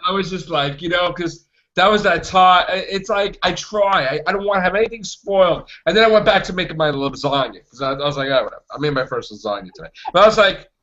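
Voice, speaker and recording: A man hosting a casual fan chat, excitable, stammering and restarting, acting out quotes. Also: sits high, quick pace. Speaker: podcast host. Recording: dull lo-fi recording.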